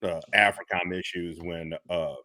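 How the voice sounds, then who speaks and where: Bright, profane man telling war stories. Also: low-pitched, fairly even intonation, unhurried, dry recording, clean studio sound. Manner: rambling, profane, laughing, acts out quoted officers. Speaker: podcast co-host. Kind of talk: casual storytelling.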